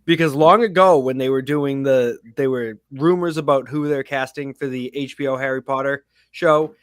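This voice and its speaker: A man co-hosting a movie podcast, telling stories in casual, profane, animated banter. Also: medium pitch, normal speed, smooth, dry recording, clean studio sound. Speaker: podcast co-host. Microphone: podcast studio mic.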